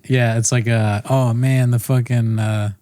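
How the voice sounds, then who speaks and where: A man's voice: mid-range voice, little pitch movement, measured pace, mellow, no echo. Profane ranting man, dry close mic. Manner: ranting, profane, trailing restarts. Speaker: podcast co-host. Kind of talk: casual comedic podcast chat.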